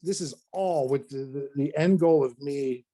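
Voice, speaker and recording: Animated man telling a rambling story. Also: fairly high pitch, a little slow. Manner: animated, rambling, swears casually, many restarts. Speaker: podcast guest. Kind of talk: casual storytelling.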